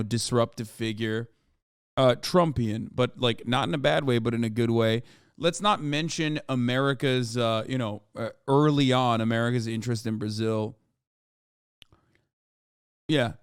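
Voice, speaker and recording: A man's voice: medium pitch, clear, resonant tone, no room sound, studio quality. A man in his thirties doing casual live-stream commentary on news clips, sarcastic and profane, with mocking asides.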